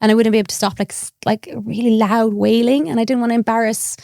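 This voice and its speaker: A woman's voice: fairly high pitch, fairly even intonation, quick pace, vocal fry, darkish tone, no echo, studio quality. A young Irish woman, a comedian, telling a personal story candidly and animatedly, acting out the voices of people she quotes and laughing often. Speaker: comedian, guest.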